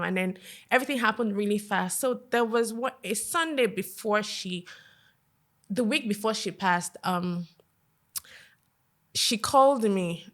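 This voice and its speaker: A woman guest on a podcast, telling a personal story in a soft, hesitant way with many fillers. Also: medium pitch, a little slow, long pauses.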